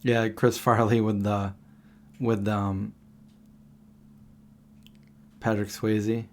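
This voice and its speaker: A man hosting a casual livestream, rambling and reacting to chat comments with quick questions. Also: lowish voice, little pitch movement, a little mellow, slight background noise. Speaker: livestream host answering chat.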